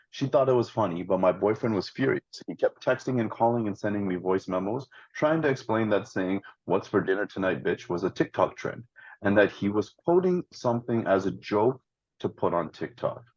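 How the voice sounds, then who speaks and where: A man's voice: fairly low pitch, animated, normal speed, a little mellow, dry recording, dull audio. A man co-hosting a casual podcast, chatting and reading posts aloud with playful emphasis, laughing often. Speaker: podcast co-host.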